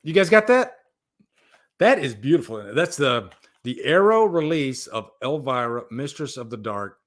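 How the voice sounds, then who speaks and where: Animated man chatting on a live stream. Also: mid-range voice, unhurried. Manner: enthusiastic, rambling, talks to chat viewers. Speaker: livestream host. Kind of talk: casual live-stream chat about movies.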